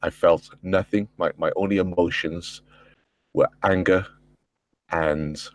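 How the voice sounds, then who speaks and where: A man on a gaming podcast, talking casually and swearing, working himself up into excited storytelling. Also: low-pitched, slow, no room sound. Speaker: podcast panelist. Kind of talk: casual chat.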